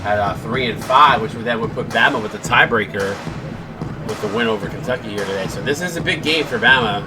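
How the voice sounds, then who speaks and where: Guy calling hoops play by play live on stream, gets loud on big buckets, music going in the back. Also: lowish voice, fairly quick. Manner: excitable, shouts on big shots.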